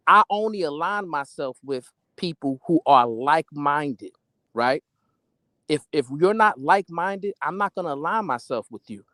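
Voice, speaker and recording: Measured man lecturing in a debate. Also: a little high, fairly bright tone, no room sound. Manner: measured and lecturing, calls the other man "my brother". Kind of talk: heated debate.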